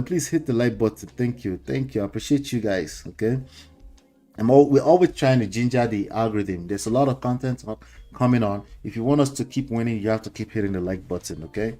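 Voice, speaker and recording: A man's voice: mid-range voice, a little fast, a little mellow, soft background music. Lecturing Nigerian man hosting a commentary show. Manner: lecturing, repeats points, chuckles, mixes in pidgin words. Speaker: host.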